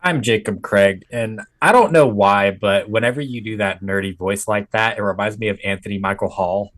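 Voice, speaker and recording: A man's voice: lowish voice, normal speed, fairly bright tone. A man co-hosting a comedy podcast, blunt and ranting, with bursts of laughter. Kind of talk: casual comedy chat.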